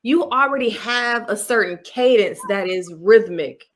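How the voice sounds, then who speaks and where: A woman guest on a podcast, talking in an animated, expressive way about speaking and laughing easily. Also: on the high side, measured pace. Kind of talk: casual interview.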